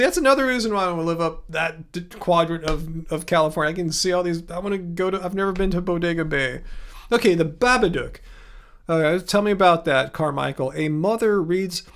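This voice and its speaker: Broadcasting a casual livestream from his home studio, a man with a high-sitting voice chats with viewers and reads their comments aloud. He thinks out loud as he goes, restarting his sentences often.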